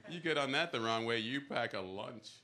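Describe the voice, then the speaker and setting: A man's voice: medium pitch, animated, normal speed. Man doing stand-up in a noisy club. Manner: conversational, teasing the crowd with rhetorical questions. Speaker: stand-up comedian. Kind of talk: stand-up comedy set. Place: comedy club stage before a live audience. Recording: noisy live club recording. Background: audience laughter.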